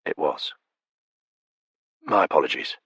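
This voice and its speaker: A blunt, wary young hunter with a deep, clipped, matter-of-fact delivery, as a male narrator plays him. The sound is husky and bone-dry. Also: lively intonation, measured pace, a bit bright, no room sound, exaggerated voice. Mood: wry. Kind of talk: audiobook character voice. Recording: dry close studio sound.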